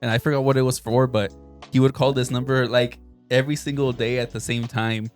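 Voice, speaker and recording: Chill podcast dude telling a story, cussing casually, normal mid voice. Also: male voice, medium pitch, fairly quick, soft background music. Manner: relaxed, swears a lot while reacting. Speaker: podcast co-host. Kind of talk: casual chat.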